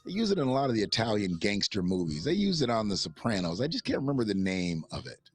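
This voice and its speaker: A man's voice: on the low side, sing-song, quick pace, slightly rough. A man hosting a livestream in casual commentary, rambling and swearing, laughing often and reading out chat messages. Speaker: livestream host.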